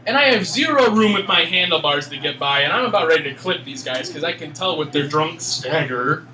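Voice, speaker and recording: A young man from Michigan in his twenties doing a stand-up comedy set, ranting in an exasperated, animated way. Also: fairly high pitch, brisk, a little hiss or hum. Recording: echoey room, mic at a distance.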